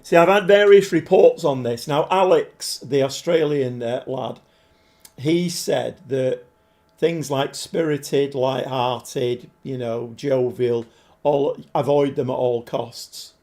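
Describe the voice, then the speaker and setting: A man live-streaming a game, chatting to viewers and getting easily frustrated, his voice a bit hoarse. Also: mid-range voice, slow pace, warm tone. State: voice struggling, slightly hoarse. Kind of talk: live-stream commentary while playing.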